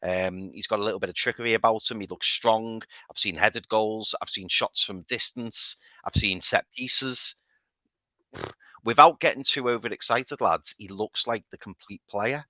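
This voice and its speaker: Bloke, fan panelist, bright and sharp voice, repeats himself, dull dry remote line. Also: male voice, fairly low pitch, normal speed, no room sound. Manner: rambling, repeats words, many fillers. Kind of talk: casual football chat.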